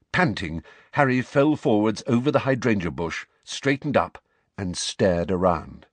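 A man narrating an audiobook in an expressive storytelling manner with a husky voice. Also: lowish voice, no echo.

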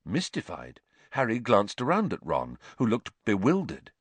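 A man reading an audiobook story with slow, expressive narration. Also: fairly low pitch, breathy edge, no room sound.

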